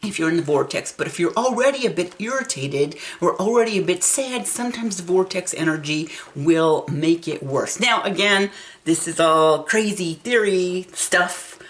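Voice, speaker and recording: A woman's voice: fairly low pitch, lively intonation, normal speed. A woman in her sixties telling a personal story in a chatty vlog, laughing often as she talks. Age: 60s. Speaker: vlogger.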